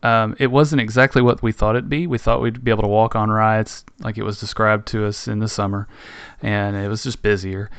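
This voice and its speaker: A man co-hosting a podcast, recounting a trip in a halting way with wry complaints. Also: fairly low pitch, level tone, a bit bright, clear, resonant tone, dry recording. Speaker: podcast co-host. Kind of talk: casual chat.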